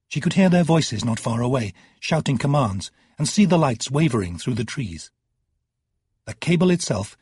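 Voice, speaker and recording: Husky-voiced male audiobook narrator. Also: mid-range voice, a little mellow, no room sound, clean studio sound. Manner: measured, dramatic storytelling. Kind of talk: scripted narration.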